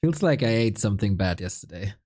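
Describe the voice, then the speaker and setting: A man casting an esports live stream in a relaxed, chatty way, joking with viewers while sounding tired and a bit unwell. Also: lowish voice, brisk. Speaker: esports caster.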